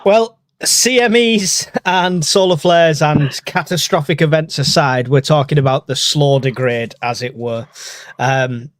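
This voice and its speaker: A man's voice: fairly high pitch, unhurried, dry recording. Man, British, podcast host, casual live chat, jokey, dry close sound. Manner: laughs often, chatty and joking.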